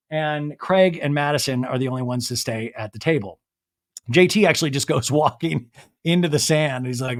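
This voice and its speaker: A young man hosting a podcast, recapping reality TV in casual chat, animated and quick to quote people. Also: a little high.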